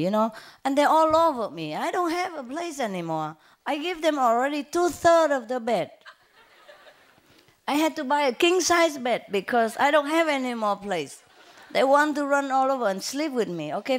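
A woman spiritual teacher giving an informal talk, chatty and rambling, telling personal stories and laughing often. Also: medium pitch. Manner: rambling with frequent fillers and restarts. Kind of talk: informal lecture with personal anecdotes.

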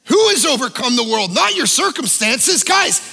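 Male pastor, casual sermon, punchy and emphatic; husky, piercing tone in a reverberant auditorium. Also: very high voice, sing-song, moderate pace. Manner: emphatic, with sudden loud bursts and asides. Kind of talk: conversational sermon. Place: church auditorium.

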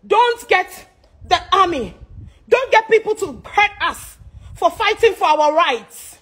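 A Ghanaian woman with a strikingly high voice rants about the cost of living. She is loud, fearless and fiery, cursing freely as she speaks. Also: sing-song, slow pace, low-quality recording. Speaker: social media commentator. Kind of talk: angry political rant.

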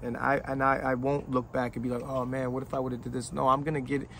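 An independent rapper, a middle-aged man, talks straight to camera to his fans in a heartfelt, rambling way, emotional and freely profane, halting with many restarts as his feelings catch up. His ordinary mid-pitched voice is creaky, a bit bright, with little pitch movement, over a faint hiss.

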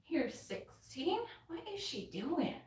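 A woman's voice: high-pitched, sing-song, takes it slowly, darkish tone. A woman from North Carolina with a Southern accent, chatting and counting reps while doing a workout, a little winded. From North Carolina, USA. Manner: chatty, counts reps aloud, laughs and sighs between moves. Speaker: fitness content creator. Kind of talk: casual workout instruction while exercising. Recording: roomy sound, mic at a distance.

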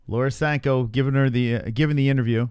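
A man's voice: mid-range voice, steady tone, quick pace, darkish tone, clear, resonant tone, dry recording. A man hosting a live stream, chatting casually with a laid-back, joking manner and swearing freely. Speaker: stream host. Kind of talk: casual live reaction chat.

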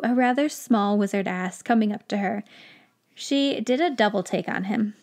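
A woman's voice: mid-range voice, moderate pace, darkish tone. A young woman hosting a podcast, chatting and laughing between reading a story aloud. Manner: chatty, laughs often, uses "like" a lot. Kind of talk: casual chat and story reading.

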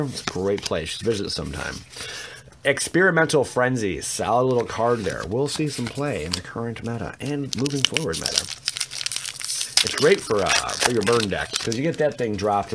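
A man's voice: fairly low pitch, fairly quick, noisy background. A man making a casual, jokey video of opening trading card packs, rambling with teasing asides. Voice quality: lively, swooping delivery. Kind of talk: casual pack-opening commentary.

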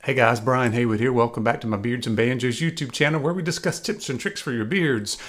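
A man's voice: mid-range voice, a little fast, over loud music. A man hosting his own beard channel, talking casually and chattily with lots of fillers as he gives beard advice. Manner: relaxed and chatty, frequent "uh" and "kinda". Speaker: YouTube beard channel host. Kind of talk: casual video commentary.

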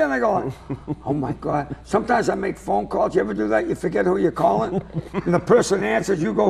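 A comedian, telling rambling, self-mocking jokes as a talk-show guest. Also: male voice, high voice, brisk, creaky, darkish tone. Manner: jokey, digressive, self-mocking. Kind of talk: rambling comic storytelling in an interview.

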